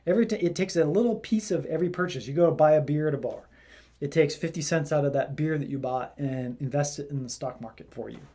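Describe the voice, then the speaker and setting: A man hosting a casual political commentary. His voice is fairly high, and he rambles along with plenty of fillers and restarts. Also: fast talker, mellow. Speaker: commentary host.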